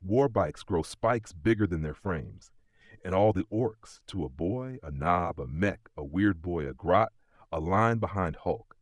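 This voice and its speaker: A man's voice: sits low, animated, measured pace, dry recording, clean studio sound. A man telling an epic story in scripted dramatic narration.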